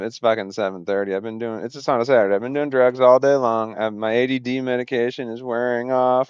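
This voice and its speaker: A man's voice: medium pitch, a little mellow, smooth, no echo, highs cut off. A man hosting a casual livestream from home, rambling, swearing and interrupting himself, laughing often. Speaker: livestream host. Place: home, indoors.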